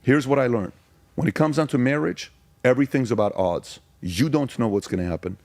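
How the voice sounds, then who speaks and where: A man's voice: medium pitch, darkish tone, dry recording. Emphatic man talking, dry sound. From Iran. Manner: emphatic, rapid-fire repetition. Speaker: podcast guest. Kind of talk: casual storytelling.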